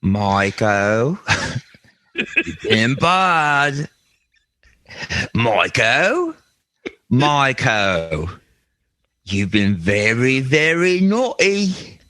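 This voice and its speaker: A man voicing a British male skunk ape who taunts slowly and menacingly in a mock-English voice. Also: mid-range voice, very animated, bright, forceful tone, no echo, exaggerated voice. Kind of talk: comedy podcast bit.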